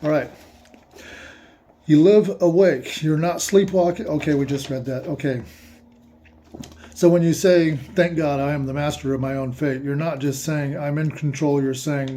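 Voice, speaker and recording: A man's voice: a little high, fairly even intonation, moderate pace, mellow, a little hiss or hum. A man musing aloud in a casual monologue, reading passages aloud and commenting on them in a rambling way. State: emotional, eyes watering. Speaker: host reading aloud and reacting.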